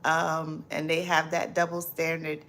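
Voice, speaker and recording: Gravelly low-ish woman on a live stream, real slow and chatty, laughs a lot, reads out comments. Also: monotone, fairly bright tone, slight background noise. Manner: laughs often, repeats phrases, chatty. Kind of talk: casual live chat, reading viewer comments aloud.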